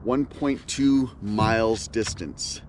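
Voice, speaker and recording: A man's voice: on the low side, slow pace. A man hosting an outdoors video, casually explaining things as he goes while out on a kayak on a small lake. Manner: relaxed, thinking aloud, explaining as he goes. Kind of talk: casual on-the-water commentary. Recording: loud outdoor background noise.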